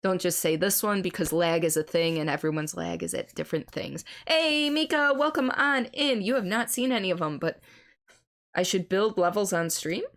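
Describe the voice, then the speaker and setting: A woman's voice: lowish voice, moderate pace, fairly bright tone. A woman streamer chatting casually with her viewers and commenting on gameplay clips, swearing freely and laughing at herself.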